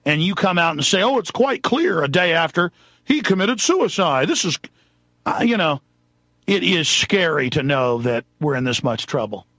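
A man from Texas delivers a furious, accusatory talk-show rant. His voice sits high and has a sharp, forceful edge. The recording is dry and close, with a slightly dull, muffled tone. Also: very animated, moderate pace, no echo. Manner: shouting, accusatory, ranting. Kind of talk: angry political rant.

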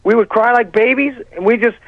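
Guy calling into talk radio, stops and restarts a lot, earnest, kinda muffled dull line, pretty high voice. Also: no echo. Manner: halting, many restarts, earnest. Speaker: guest, parent and sheriff candidate.

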